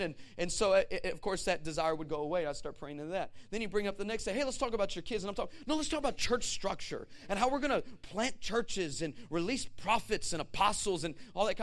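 A man preaching a sermon to a congregation, telling a personal story with animated, swelling delivery that rises to shouts. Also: high voice. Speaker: pastor.

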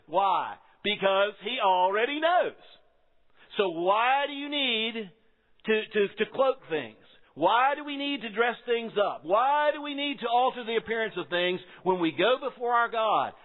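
A man preaching a sermon, emphatic, repeating key lines and asking rhetorical questions. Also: high-pitched. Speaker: pastor. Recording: phone-like sound with long hall reverb.

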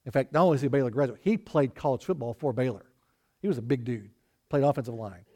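A man's voice: medium pitch, fast talker, warm tone. A middle-aged man from Arkansas with a Southern US accent, preaching a sermon in an earnest, storytelling way and often repeating words as he restarts. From Arkansas, USA. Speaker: pastor.

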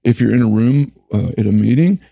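A man telling a personal business story in an earnest, relaxed conversational way, then giving practical advice over a remote call. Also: mid-range voice, a little fast, creaky, narrow, tinny audio. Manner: relaxed, earnest, anecdotal with frequent restarts. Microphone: remote video call.

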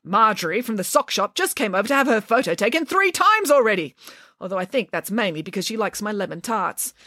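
A woman's voice: mid-range voice, sing-song, fairly quick, pushed and bright, no room sound, clean studio sound, pitched above the performer's own voice. A woman voicing a flamboyant, greedy, self-assured female pig nanny in a storybook, imperious and scoffing.

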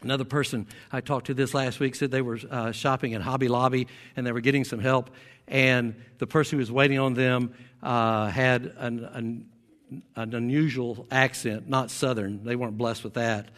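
A male pastor delivers a sermon in a mid-pitched voice. He moves between casual storytelling and emphatic, rising exhortation. His voice rings with the long reverb of a large hall. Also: flat delivery, moderate pace, fairly bright tone.

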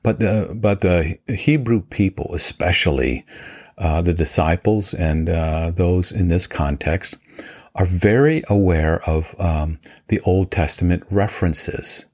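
A man teaching as a pastor, walking through Bible passages in a measured, explanatory way with frequent fillers. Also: low voice, a little mellow. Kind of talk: scripture teaching vlog.

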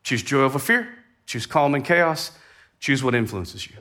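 A man preaching a sermon in a conversational way, rising in intensity and then dropping to a hushed tone. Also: mid-range voice, expressive, normal speed. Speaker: pastor.

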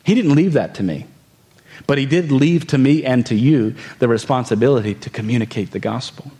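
A man's voice: mid-range voice, expressive, a little fast, warm tone. A man preaching a sermon in a conversational way. He reads scripture aloud, explains it, and puts rhetorical questions to the congregation. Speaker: pastor.

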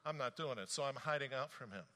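A man's voice: mid-range voice, fast, sharp tone, in a large hall, natural voice. A man doing a sheepish runaway prophet. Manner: casual, evasive.

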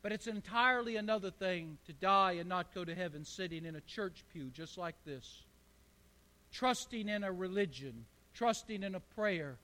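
A man's voice: sits high, normal speed, pushed and bright, big-room sound. A man preaching a fervent sermon in church, calling on the congregation to answer back. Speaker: pastor.

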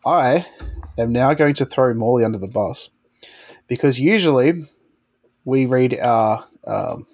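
A man's voice: medium pitch, a little slow, long pauses, darkish tone. A man hosting a podcast, chatting casually and rambling with lots of fillers. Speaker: podcast host. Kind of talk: casual chat.

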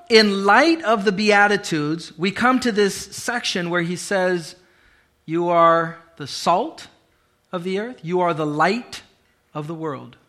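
Bright, high-voiced emphatic male pastor. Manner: emphatic preaching, repeating key phrases for weight; conversational asides with fillers. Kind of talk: sermon.

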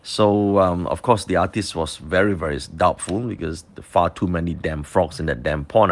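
A man's voice: deep voice, normal speed, hardly any pauses. A man telling a parable-like story informally, rambling with many fillers and restarts.

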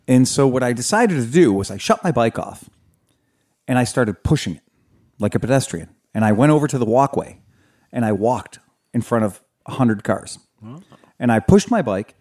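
A man hosting a casual podcast, telling an animated road-trip story, swearing freely and acting out the people in it. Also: medium pitch, moderate pace. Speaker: podcast host. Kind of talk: casual chat.

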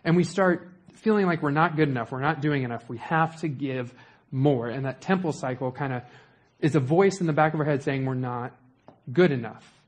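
A man's voice: a little high, moderate pace. A young man preaching a sermon in a conversational way, with joking asides to the congregation.

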